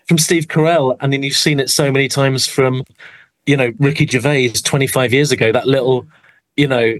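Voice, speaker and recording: A man's voice: mid-range voice, steady tone, normal speed, no room sound, poor audio. An English man, an actor being interviewed, talking in a rambling, self-deprecating way with lots of restarts. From England. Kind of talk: casual interview chat.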